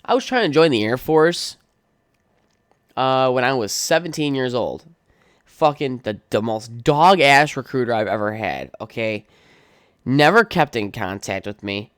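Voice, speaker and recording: A man's voice: medium pitch, expressive, a little slow, fairly bright tone, clean tone, no echo, clean studio sound. A young adult man hosting a podcast, ranting casually in a blunt, profane, opinionated way full of "like" and "um". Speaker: podcast host. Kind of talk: casual solo rant.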